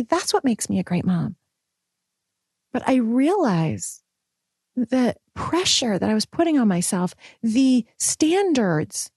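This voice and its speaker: A woman's voice: sits high, a little mellow, no echo, studio quality. A young woman, a new mother, speaking candidly and emotionally in a personal vlog.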